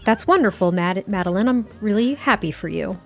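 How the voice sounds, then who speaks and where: A guarded middle-aged mother from a life-sim game, put on by a woman. Her voice carries a strained, reluctant tone, with quiet music under it. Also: mid-range voice, lively intonation, brisk, vocal fry.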